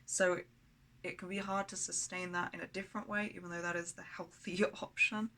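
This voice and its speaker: A woman speaks in a personal video diary, blunt and rambling, with lots of swearing. Her voice is lowish and crisp with a tense brightness, and it stays fairly flat in pitch. A faint hum sits behind her. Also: moderate pace, poor audio. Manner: raw, candid and blunt, with frequent swearing; rambling, with many fillers and restarts. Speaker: vlogger.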